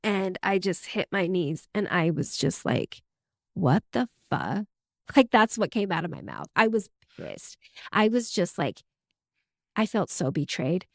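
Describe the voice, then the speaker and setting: A young adult woman hosting a podcast tells her own story openly and emotionally, using "like" frequently. Her voice is mid-range, and the recording is dry and studio quality.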